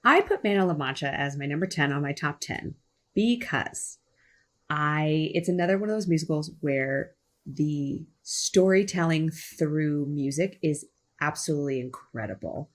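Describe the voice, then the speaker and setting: A woman's voice: deep voice, normal speed. A woman co-hosting a casual game chat over a video call, talking enthusiastically and rambling with fillers. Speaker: co-host.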